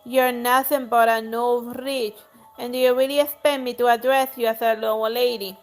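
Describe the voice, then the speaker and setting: A charming, pretentious lady traveler flatters with false politeness, read aloud by a woman. Her tone is a bit high, and light music drifts faintly behind. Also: moderate pace, close to an everyday voice. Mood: sly. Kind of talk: reading game dialogue aloud.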